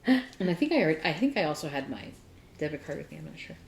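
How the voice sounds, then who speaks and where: A woman co-hosting a craft podcast, telling a story in a chatty, animated way with lots of fillers. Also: sits low, rapid-fire, vocal fry, reverberant. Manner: chatty, animated retelling with many fillers and laughs. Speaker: podcast co-host. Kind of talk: casual storytelling chat.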